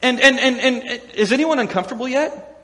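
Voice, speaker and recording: Male pastor, high voice, playful animated sermon delivery, long hall reverb. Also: a little fast. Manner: animated, acts out quoted voices with humor.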